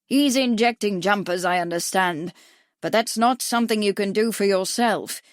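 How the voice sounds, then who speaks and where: A woman reading voices a deaf, gruff elderly male doctor who talks loudly and sharply. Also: medium pitch, moderate pace, no room sound, studio quality, close to an everyday voice. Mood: gossiping. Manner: loud, sharp, scolding.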